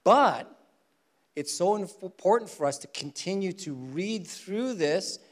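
A man preaching a sermon as pastor, joking at his own expense and slowing down to stress the verses he reads. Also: high-pitched. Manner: humorous, self-mocking, lively storytelling. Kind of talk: sermon with Bible reading.

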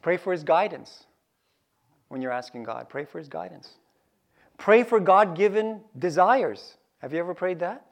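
A man preaching a sermon to his congregation, lively and jokey, repeating key phrases for emphasis. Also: sits high, moderate pace. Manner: animated, joking asides, repeats key phrases. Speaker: pastor.

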